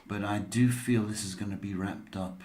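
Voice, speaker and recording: A man's voice: on the low side, fairly even intonation, moderate pace, a little mellow, echoey room. A man giving psychic readings on a live stream, talking with many hesitant ums. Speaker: psychic reader.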